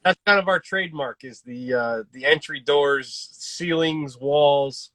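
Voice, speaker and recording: A man from Kansas hosting a casual podcast, talking eagerly and quickly with casual slang. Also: on the high side, sharp tone, no room sound. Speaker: podcast host.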